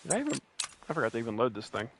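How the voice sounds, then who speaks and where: A West Virginian man with a mid-range voice talks very fast, his pitch swooping wildly, over a noisy background. He rambles and jokes through casual commentary while streaming a hunting game, restarting himself often.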